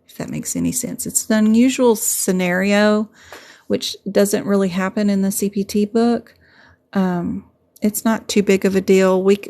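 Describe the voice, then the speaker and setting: A woman's voice: mid-range voice, vocal fry, a little mellow. A middle-aged woman with a Southern US accent, a medical coding instructor explaining things patiently and repeating her points in a casual livestream. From Southern United States. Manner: patient, repetitive explaining, folksy asides. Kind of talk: livestream teaching and chat.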